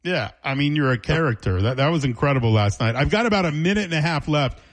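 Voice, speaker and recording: A man's voice: fairly high pitch, lively intonation, fast talker. A man hosting a casual radio interview, asking curious follow-up questions. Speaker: radio host.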